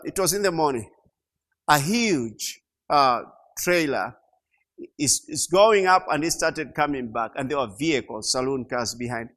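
Slow, emphatic preacher man. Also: a little high. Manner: slow, emphatic preaching with repetition and sudden loud peaks. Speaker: pastor. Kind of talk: sermon.

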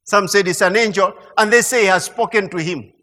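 A man preaching a sermon in an animated way, stammering through restarts and building to emphatic peaks. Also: sits high, a little fast. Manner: animated, mimics mock prayer sounds and laughs. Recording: long hall reverb.

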